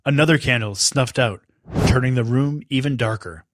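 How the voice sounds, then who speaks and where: A man narrating a children's story in an expressive, unhurried way. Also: mid-range voice, no echo, clean studio sound.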